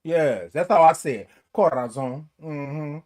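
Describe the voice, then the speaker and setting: Lively, high-voiced man singing out greetings. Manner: animated, sings snatches and drawn-out greetings. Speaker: host of a morning livestream show. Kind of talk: casual chat greeting live viewers.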